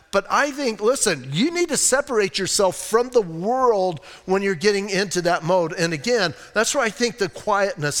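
A man's voice: high voice, a bit bright, big-room sound. A man preaching a sermon as pastor, casual and conversational, leaning hard on key points. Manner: conversational, keeps saying "listen, man"; emphatic, rises on key points.

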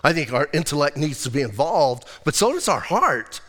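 A male pastor preaching a lively, conversational sermon and acting out quotes as he goes. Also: fairly high pitch, moderate pace, big-room sound.

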